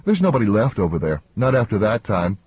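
A confident male crewman, as an audiobook narrator voices him, somewhat raised over the narrator's low voice. The tone is husky. The sound is dry and slightly dull. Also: sing-song, brisk, no echo, exaggerated voice.

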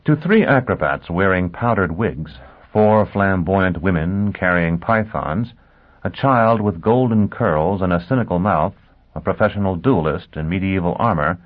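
Low-voiced man narrating a story. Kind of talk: audiobook narration. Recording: tinny phone-like sound.

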